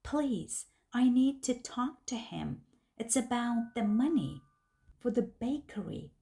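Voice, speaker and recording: Lady doing a desperate guy on the phone, high-pitched, begging, kinda gravelly and husky. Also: sing-song, very slow, warm tone, full character voice. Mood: urgent. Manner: urgent, pleading, near tears. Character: desperate man, a worried business partner.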